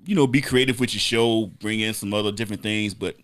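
A man co-hosting a podcast in casual chat, opinionated and quick to laugh. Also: fairly low pitch, steady tone, fairly bright tone. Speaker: podcast host.

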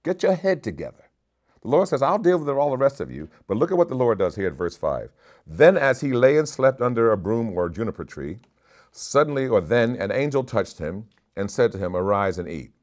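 A man's voice: mid-range voice, sing-song, brisk, a little mellow. A man preaching a sermon as bishop, stressing his points by repeating short commands.

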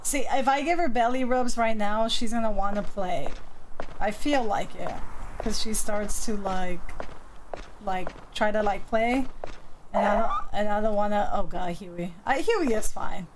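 A woman's voice: medium pitch, a little slow, background noise. A woman streaming a game from home, chatting casually with her viewers and her cat as she plays. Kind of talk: casual gameplay commentary.

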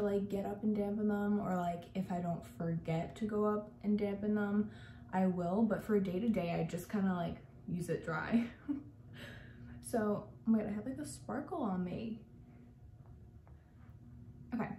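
A woman's voice: medium pitch, a little mellow, a little hiss or hum. A young woman, a makeup artist, chatting casually through a makeup tutorial, gushing and saying "like" a lot. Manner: chatty and gushing, heavy use of "like". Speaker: makeup artist and beauty vlogger. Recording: echoey room.

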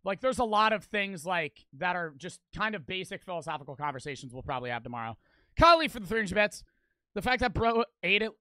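A man's voice: high voice, expressive, a little fast, pushed and bright, no room sound. Breathless, profane young male streamer. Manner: loose, profane, talks straight to chat. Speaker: livestreamer. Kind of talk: casual live stream chat, reading donations.

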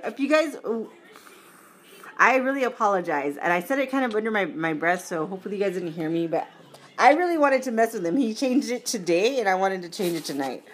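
A woman chatting casually as she plays a mobile game, giggly and quick to apologize. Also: mid-range voice, expressive, a little hiss or hum. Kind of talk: casual gameplay commentary.

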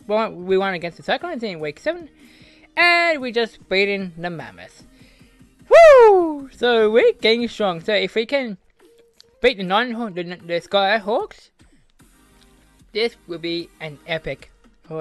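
An Australian man with an unusually high voice commentates his own video game like a sportscaster. His delivery swings widely between hushed suspense and shouted cheers, though his pace is unhurried overall. Faint game music plays behind him. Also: sing-song. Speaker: gaming channel host. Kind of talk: self-commentary while playing a video game.

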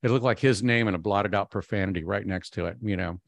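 A man in his fifties giving a humorous keynote talk, telling a story in an animated, self-mocking way with frequent ums and restarts. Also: on the low side, fast talker, creaky, no room sound, clean studio sound. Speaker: keynote speaker.

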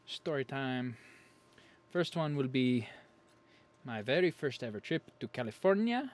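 A man's voice: mid-range voice, sing-song, unhurried, long pauses. A man hosting his own channel, chatting casually in a rambling, jokey way, with playful exaggeration. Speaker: channel host. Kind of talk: casual story-time vlog chat.

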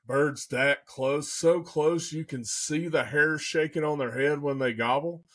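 A man, a podcast guest telling a story in an excitable, animated way and often saying "man" and "dude". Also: fairly high pitch, a little slow. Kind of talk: casual storytelling.

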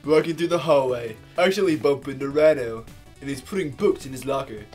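A man's voice: medium pitch, quick pace, a little mellow, faint music behind. A young man co-hosting a let's play, reading game narration aloud with hesitant "uh"s. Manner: hesitant, lots of "uh", laughing asides.

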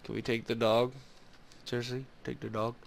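A man's voice: medium pitch, level tone, normal speed, creaky, very noisy. A man playing a video game and commenting as he goes, reading the on-screen dialogue aloud between his own reactions. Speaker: gamer. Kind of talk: let's play commentary. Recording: loud game music behind. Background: game music.

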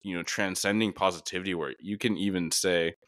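A man hosting a podcast, reflective and rambling, getting animated when he quotes people. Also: sits low, a little fast, no room sound, studio quality. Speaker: podcast host. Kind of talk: casual podcast conversation.

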